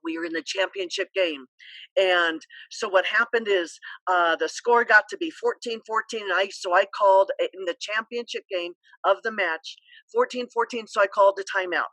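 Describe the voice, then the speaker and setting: A middle-aged woman tells a meandering story over a video call, her voice bright and forceful. She laughs easily, and the sound is dry and close with no room echo. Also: medium pitch, normal speed. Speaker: guest, former school counselor.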